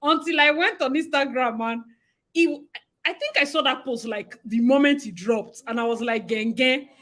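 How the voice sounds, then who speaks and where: Nigerian woman on a livestream, high bright voice, chatty and laughing a lot. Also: moderate pace. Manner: chatty, greets viewers by name, laughs often. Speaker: livestream host. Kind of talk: casual live-stream chat.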